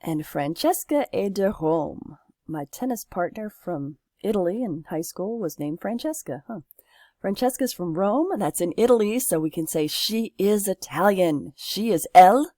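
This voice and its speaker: A woman's voice: mid-range voice, lively intonation, measured pace, dark tone, no room sound, studio quality. A woman teacher explaining French grammar step by step in a recorded lesson, patient and plain.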